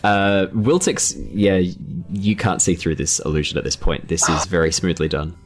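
A man with a low voice runs a tabletop game, speaking in a relaxed, hesitant way with many fillers. Faint music plays underneath. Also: normal speed. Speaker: game master.

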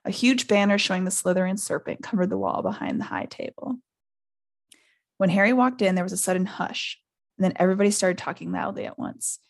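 A woman's voice: medium pitch, brisk. A woman hosting a podcast, reading a book aloud live with character voices and chatty asides. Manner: reads with animated character voices, laughs often.

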